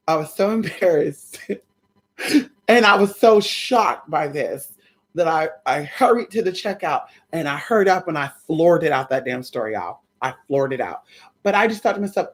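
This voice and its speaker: Young woman rambling a story to her followers, lots of y'all, a bit low pitched, animated. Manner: animated, chatty, profane, addresses viewers as y'all. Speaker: spiritual content creator. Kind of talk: casual storytelling to viewers.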